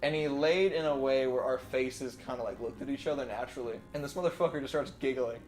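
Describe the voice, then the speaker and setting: A man's voice: mid-range voice, quick pace, faint music behind. Laughing young man telling wild stories. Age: young adult. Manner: animated storyteller, swears freely, laughs through his stories. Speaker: podcast host. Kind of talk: casual chat.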